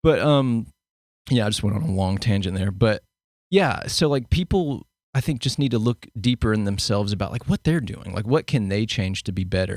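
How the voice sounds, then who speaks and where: Rambling low-voiced male podcast host. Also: dry recording, studio quality. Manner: rambling, animated storyteller. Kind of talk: casual conversational interview.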